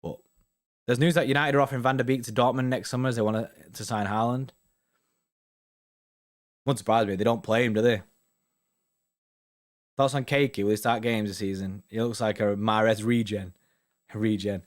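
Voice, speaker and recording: A young man with a lowish voice and steady tone talks at a moderate pace, leaving long pauses. As host of a casual live-stream chat, he reads viewer comments, rambles and keeps asking "do you know what I mean".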